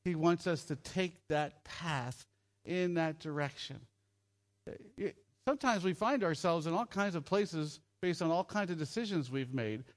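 High-voiced man preaching conversationally. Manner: conversational, jokey, asks the audience questions. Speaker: preacher at a children's home gathering. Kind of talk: sermon.

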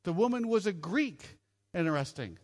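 A man with a fairly high voice preaching a sermon in an easygoing, chatty way. He throws questions to the audience and keeps things light with jokes. He sounds middle-aged. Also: expressive, moderate pace. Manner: conversational, jokey, asks the audience questions. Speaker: preacher at a children's home gathering.

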